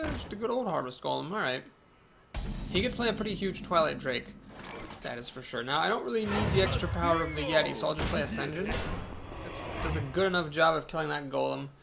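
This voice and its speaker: A man's voice: fairly high pitch, brisk, vocal fry, noisy background. A man talking casually over his card game, thinking aloud, chatty and self-deprecating. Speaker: game video host. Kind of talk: casual gameplay commentary.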